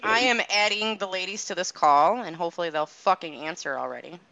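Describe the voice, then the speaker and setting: A woman's voice: lowish voice, a little fast, vocal fry, sharp tone, poor audio. A woman hosting a call-in chat, brash and joking with lots of swearing. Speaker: host. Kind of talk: casual podcast chat.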